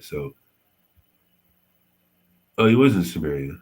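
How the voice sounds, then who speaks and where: A man hosting a casual livestream history lesson, halting and often correcting himself. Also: rumbling low, darkish tone, slightly rough. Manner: halting, frequent self-corrections and apologies. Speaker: host teaching history on a livestream.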